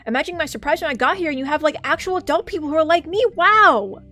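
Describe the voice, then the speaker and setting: Woman playing a chirpy nonbinary teen, high and quick, excitable, faint music behind. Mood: excited.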